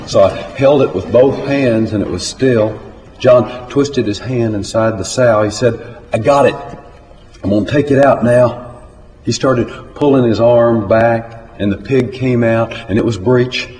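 A man telling a story aloud to a live audience in a plain, unhurried way. Recorded in a hall. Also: mid-range voice, a little mellow. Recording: echoey hall, faint ambience.

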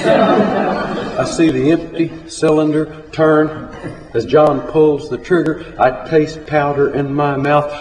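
A man telling a story aloud to a live audience in a plain, unhurried way. Recorded in a hall. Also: a little high. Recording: echoey hall, faint ambience.

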